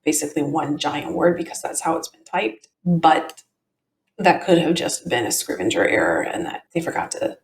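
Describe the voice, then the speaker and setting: A woman's voice: deep voice, big pitch swings, moderate pace, slight background noise. A woman hosting a show, reading a court transcript aloud and adding chatty, explanatory asides, with a tinny, echoey sound. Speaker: podcast host and reader. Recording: tinny echoey home recording.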